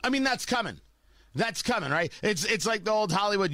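A man's voice: high voice, animated, a little fast, sharp tone, no echo. A man delivering a sarcastic, combative opinion monologue as a talk show host.

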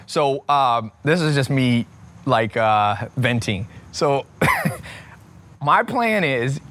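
A man in his thirties from the United States, talking in a blunt, profane, unscripted rant as a self-help speaker, with his pitch jumping up and down. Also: wildly swooping pitch, drawn-out words, a bit bright. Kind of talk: unscripted ranting monologue.

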